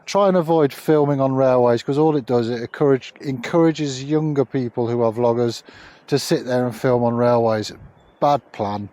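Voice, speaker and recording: A man's voice: mid-range voice, moderate pace, mellow, no room sound. A man vlogging casually outdoors on a cycling trip, chatty and jokey, swearing freely, recorded on a handheld camera. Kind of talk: casual travel vlog.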